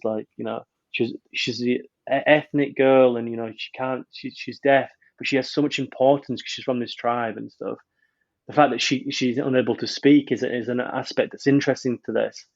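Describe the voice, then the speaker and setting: A man's voice: medium pitch, darkish tone, dull audio. A man reviewing a film on a podcast in casual chat, rambling with many restarts.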